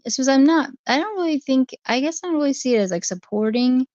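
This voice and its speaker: A woman's voice: high voice, expressive, fast talker, a little mellow, no room sound. A woman hosting a casual livestream, talking through her viewers' chat comments one by one. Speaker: livestream host. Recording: dry, dull lo-fi stream audio.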